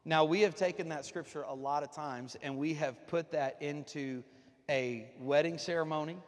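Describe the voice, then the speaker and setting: A man's voice: a little high, normal speed. A pastor, preaching a joking, folksy sermon to his congregation from the platform of a church. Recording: long reverb of a church hall.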